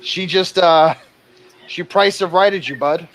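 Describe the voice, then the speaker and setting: A man's voice: a little high, slow pace, fairly bright tone, a little hiss or hum, poor audio. A man calling out bids in a casual livestream art auction, joking and exclaiming over each new bid.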